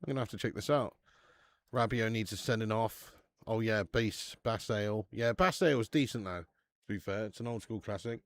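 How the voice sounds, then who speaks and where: A man's voice: on the low side, brisk, no echo. A young British man hosting a live football watch-along, chatting casually, swearing and reading out viewer comments. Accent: British English. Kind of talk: casual live-stream chat.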